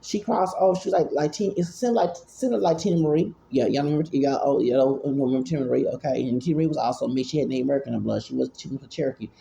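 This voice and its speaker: A man's voice: medium pitch, very fast, vocal fry, hardly any pauses, dark tone, a little hiss or hum. A man, talking in rambling casual commentary, often repeating and stammering. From Houston, Texas. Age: 40s. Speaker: vlogger.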